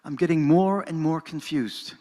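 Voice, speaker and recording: Older man telling a story, a bit high-voiced. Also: normal speed, warm tone. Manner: earnest and dramatic, shifting between narration and reflection. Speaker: speaker at a presentation. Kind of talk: personal storytelling talk. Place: synagogue hall. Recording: reverberant hall.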